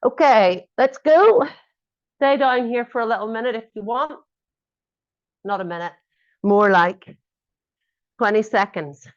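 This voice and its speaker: A woman fitness instructor calls out encouraging cues through a workout, breaking off now and then for chatty, self-mocking jokes. Her voice sits at an ordinary middle pitch for a woman. The audio is dull and a bit lo-fi. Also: fairly even intonation, unhurried, long pauses. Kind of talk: coaching a live workout class.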